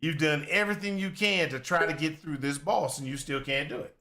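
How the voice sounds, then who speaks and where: Bright-voiced man venting about a game. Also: a little high, brisk. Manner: rambling, exasperated venting about game difficulty; acts out his own past complaints in asides. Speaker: gaming content creator. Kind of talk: casual reaction commentary.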